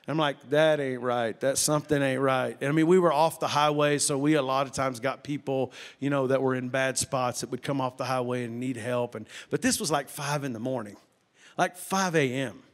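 A middle-aged man preaching a sermon as a folksy, animated storyteller who drops to a hush for quoted voices. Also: mid-range voice, brisk. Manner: folksy, animated, with loud sound effects and hushed quoted voices. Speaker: pastor.

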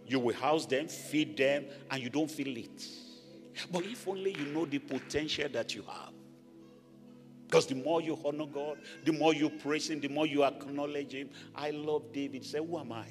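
A man from Nigeria preaching a sermon as pastor, animated, rising to shouted blessings over the congregation. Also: fairly high pitch, normal speed. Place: large church hall. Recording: echoey church hall with music.

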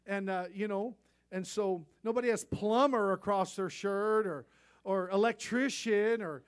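A middle-aged man with a fairly high voice delivers a church sermon. He tells homespun stories in a conversational way and builds to loud, emphatic peaks. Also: a little slow. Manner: folksy storytelling, rising to emphatic peaks. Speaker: pastor.

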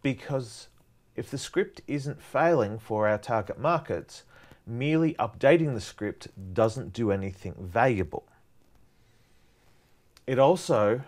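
A man's voice: medium pitch, darkish tone. A man giving a prerecorded university lecture, explaining in a loose, conversational way that wanders from point to point.

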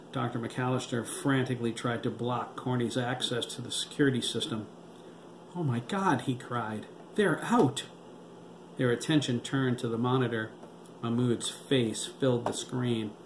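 A man reading his own novel aloud as audiobook narration, in a steady, even way. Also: mid-range voice. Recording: roomy with faint hiss.

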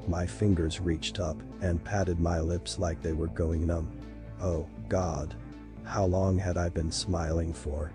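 A man reading a horror story in a slow, measured, dramatic style. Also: low-pitched, flat delivery, music in the background. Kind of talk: scripted horror narration.

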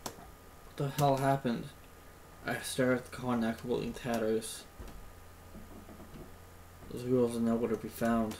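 A man's voice: medium pitch, little pitch movement, slow, pauses often, darkish tone, slight background noise, low-quality recording. A man reacting emotionally to a visual novel while playing, teary-eyed, swearing and repeating himself as he fights back tears. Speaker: game streamer. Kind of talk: emotional let's-play reaction.

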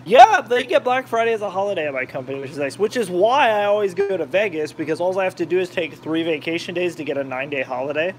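A man's voice: high-pitched, expressive, fast, few pauses. Chatty man rambling over a stove. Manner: rambling, chatty, drifts off topic. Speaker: cooking vlogger, channel host. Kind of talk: casual chat while cooking, reading viewer comments. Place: home kitchen.

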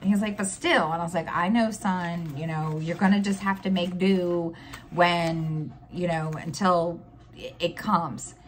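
A woman's voice: on the low side, fairly even intonation, unhurried, slight background noise. A middle-aged woman vlogging in casual chat, rambling with many fillers and restarts, telling an exasperated story with sighs.

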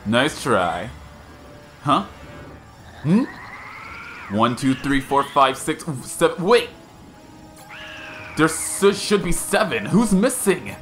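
Villain read: man doing a sneering ghost king, melodramatic, lively swings in pitch. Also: slow pace, pauses often, faint music behind, full character voice. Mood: furious. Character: gloating male ghost king villain, theatrical. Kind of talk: reading game dialogue aloud.

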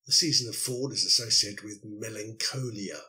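A man's voice: lowish voice, moderate pace, bright, forceful tone, poor audio. An older man hosting a solo podcast, talking through a loosely scripted monologue in a reflective way with the odd filler. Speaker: podcast host.

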